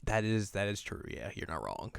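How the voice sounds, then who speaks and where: A man's voice: fairly low pitch, very animated, moderate pace, gravelly, smooth, no room sound, studio quality. A man co-hosting a casual chat, talking in a laid-back, jokey way and laughing often. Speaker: co-host.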